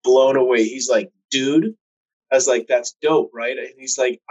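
A man's voice: mid-range voice, fairly even intonation, a little slow, muffled recording. A man in casual chat who tells long stories, swearing freely and filling gaps with "um" and "like." When he quotes other people, he acts out their voices. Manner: profane, laid-back, lots of fillers. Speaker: cannabis breeder guest.

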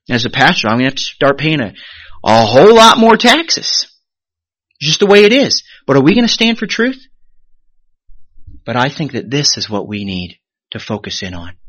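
A pastor delivering a sermon, his voice leaping high and loud on a point and then sinking to a low near-whisper. He brings the congregation's voices to life as he quotes them. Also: slightly rough, no echo, highs cut off. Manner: animated preaching with sudden rises and hushed drops.

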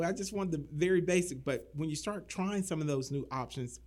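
A man's voice: on the high side, fairly quick, darkish tone. A man from Florida who is a city manager, talking earnestly in a casual interview and often repeating words as he starts a thought.

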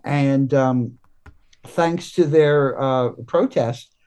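A man, a guest comics writer, talking in a casual podcast interview, halting and full of restarts and fillers. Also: medium pitch, a little mellow, clear, resonant tone.

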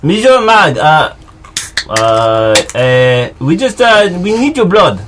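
A man playing a fumbling adventurer who puts on a mixed-up European accent and speaks haltingly. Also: sits high, lively intonation, a bit bright, slight background noise. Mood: hesitant.

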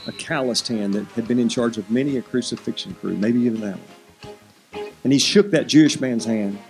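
A man's voice: medium pitch, a little fast, creaky, faint music behind, low-quality recording. A man preaching a sermon, telling a story and acting out the characters' voices while he asks the listeners questions.

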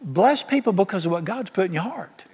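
A man preaching a sermon, folksy and animated, often acting out what people say. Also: high-pitched, fairly quick, slightly rough. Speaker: pastor. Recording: long hall reverb.

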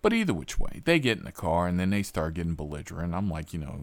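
A man who hosts a rideshare show, telling profane, animated stories in a casual interview. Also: low voice, fast, hardly any pauses, no echo. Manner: profane, animated storyteller with laughs. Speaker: rideshare driver and show host.

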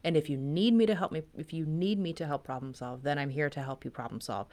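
A woman hosting a podcast, talking in a relaxed, conversational way and sharing stories from home. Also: low voice, quick pace. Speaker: podcast host. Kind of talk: casual podcast interview.

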